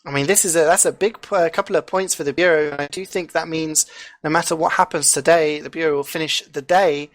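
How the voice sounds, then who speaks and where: A man doing live esports commentary as co-caster, talking in a chatty way and filling pauses with fillers and restarts. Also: a little high, fairly bright tone, no echo.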